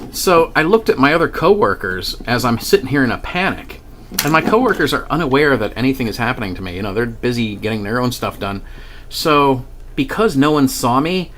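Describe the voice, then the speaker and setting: A man with a voice of ordinary pitch recounts a paranormal experience in a loose, casual monologue. He rambles, swears freely, restarts his sentences and laughs now and then as he talks. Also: a bit bright, a little hiss or hum. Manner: rambling and profane, with many restarts and chuckles. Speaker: paranormal vlogger.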